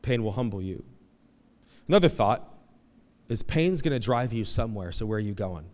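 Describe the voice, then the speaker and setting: A man preaching a conversational, animated sermon as pastor, acting out quoted voices. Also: fairly low pitch, normal speed. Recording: long hall reverb.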